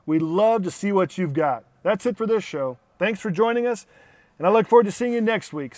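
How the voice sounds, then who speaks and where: A man's voice: sits high, animated, a little fast, darkish tone. A man hosting a car show, joking and laughing at his own flubbed lines. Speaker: show host. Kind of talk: casual on-camera hosting with outtakes.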